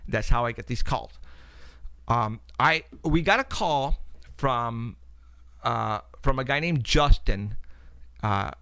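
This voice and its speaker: A man hosting a paranormal talk show, telling stories in a casual, animated way and acting out the people he quotes. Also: medium pitch, slow pace, long pauses, smooth, no echo. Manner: animated storyteller, acts out phone calls with quoted voices. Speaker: paranormal investigator and show host. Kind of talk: casual chat.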